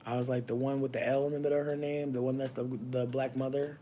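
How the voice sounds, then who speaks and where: A man giving casual comedic commentary in a campy, animated way, laughing often and using heavy slang. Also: mid-range voice, quick pace, slight background noise.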